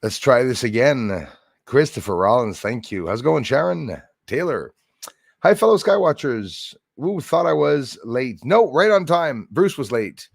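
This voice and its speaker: A man's voice: medium pitch, very animated, unhurried, vocal fry, dry recording, clean studio sound. A man hosting a casual live stream, greeting viewers by name and rambling with jokey asides. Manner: rambling with many fillers and restarts.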